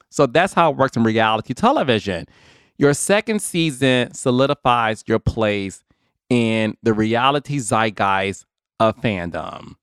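A man's voice: mid-range voice, a little slow, clean tone, dry recording, studio quality. A man hosting his own podcast, talking casually and animatedly straight to his listeners. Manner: chatty, animated, addresses listeners as y'all. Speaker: podcast host. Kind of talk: casual solo commentary.

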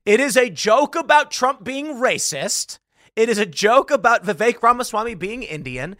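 A man hosting a political commentary show, talking in an animated way and laughing as he reads jokes aloud. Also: very high voice, moderate pace, no room sound, studio quality. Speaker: host.

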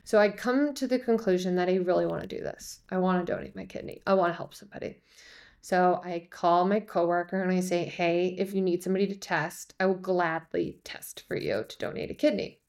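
A woman, a podcast guest, telling a personal story in a lively way and acting out the voices of the people in it. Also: fairly low pitch, brisk. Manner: lively, acts out quoted voices. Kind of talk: conversational storytelling.

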